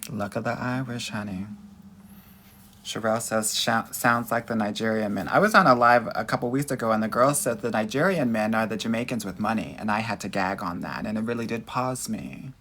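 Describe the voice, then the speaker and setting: A man's voice: fairly low pitch, a little fast, hardly any pauses, sharp tone, slight background noise. A man coaching on dating in a live Q&A, reading viewer comments aloud in a sassy, flamboyant way and calling listeners honey and girl. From United States.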